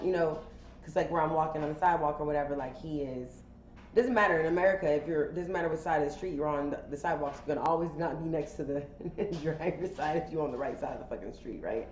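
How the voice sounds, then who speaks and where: A woman with a low voice spins a casual storytime for a podcast. She talks in a chatty, candid way, full of fillers and swearing. The sound is roomy and a bit dull, with faint hiss behind her. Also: a little mellow. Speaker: podcast host telling a story.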